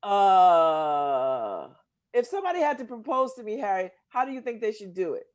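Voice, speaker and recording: A woman's voice: medium pitch, sing-song, normal speed, darkish tone. An American woman hosting a talk show, chatting casually and laughing often as she teases her guest. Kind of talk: casual chat.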